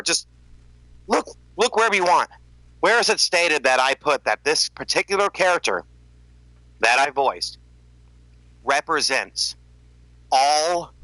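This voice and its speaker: A man with a very bright, fairly high voice tells stories on a casual podcast. He gets animated and mocks the voices of the people he quotes. The recording is dry and close. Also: no room sound, rough recording. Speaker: podcast co-host, YouTuber.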